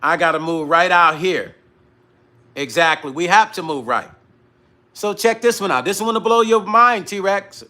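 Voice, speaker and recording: A middle-aged man's voice sits high and bright as he hosts his own live stream. He tells the story casually and animatedly, acting out what people said and swearing freely. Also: measured pace. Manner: animated retelling that acts out dialogue, with frequent profanity. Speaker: musician hosting his own live vlog.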